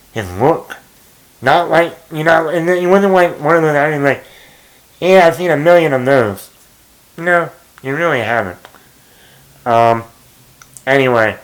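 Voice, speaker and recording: A man hosts his own movie talk in a loose, casual way. He rambles, fills pauses and restarts his sentences, at an ordinary mid pitch. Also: fairly bright tone, poor audio. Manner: rambling, many fillers and restarts. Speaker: movie commentary host.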